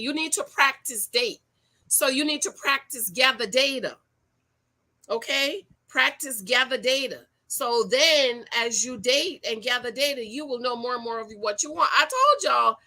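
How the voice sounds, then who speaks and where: A middle-aged woman hosting a casual livestream about dating, reading viewer comments, animated and repeating her points in slang. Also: a little high. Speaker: livestream host and dating coach.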